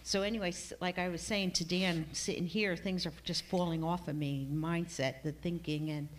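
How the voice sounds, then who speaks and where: A middle-aged woman tells an emotional testimony in a church classroom, with lots of restarts and fillers. Her voice sits on the low side. A faint hum of room ambience runs underneath. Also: steady tone. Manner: rambling, halting, with many fillers and restarts. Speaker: class member giving a testimony.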